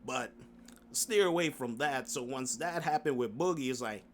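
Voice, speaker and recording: A man's voice: mid-range voice, normal speed, a little hiss or hum. A man giving a loose, slangy commentary recap of a livestream, laughing often and rambling through fillers and restarts. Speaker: commentary YouTuber. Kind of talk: casual stream recap commentary.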